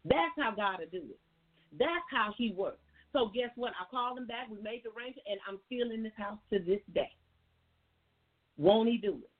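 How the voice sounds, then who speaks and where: A woman's voice: mid-range voice, moderate pace, pauses often. A woman gives a folksy, preachy faith testimony as a guest on a call-in show, talking straight to her listeners. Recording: tinny phone line with faint music.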